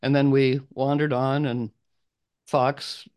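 A man's voice: mid-range voice, level tone, slow pace, darkish tone, clean tone. A man hosting an online group call, talking casually in a rambling, playful way and acting out little voices in his stories. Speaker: group host.

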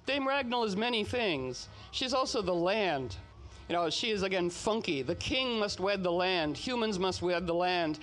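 Male host, animated storyteller, high voice, chatty asides. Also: normal speed, faint music behind. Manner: chatty, animated, frequent "you know" asides. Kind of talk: casual spoken storytelling talk.

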